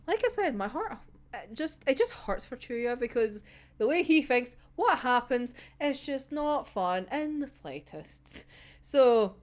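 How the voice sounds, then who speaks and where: Animated, swearing Scottish woman. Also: fairly high pitch, measured pace. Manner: animated, swears freely, laughs often. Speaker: manga reaction host. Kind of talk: casual chapter recap.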